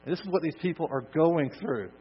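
A man preaching a sermon, swinging from loud emphasis to soft, hushed lines. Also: fairly high pitch, fast, breathy edge. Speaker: pastor. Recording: dull lo-fi recording with mains hum.

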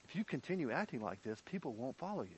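A man voicing a disapproving biblical queen who pleads quietly and earnestly about dignity. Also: mid-range voice, big pitch swings, fast, slight background noise, lightly acted, low-quality recording. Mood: concerned.

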